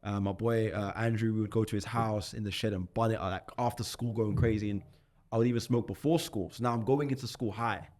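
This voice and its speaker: This podcast guest is a twenty-something Londoner with a lowish voice who speaks a little fast. Recounting his life story, he's animated and slang-heavy, frequently restarting sentences and repeating himself.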